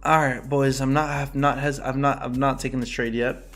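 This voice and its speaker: Faint music plays behind a young man casually running a live trading stream, his voice mid-range and fairly bright, with little pitch movement and a moderate pace. He chats loosely with viewers, cursing often and breaking into laughter.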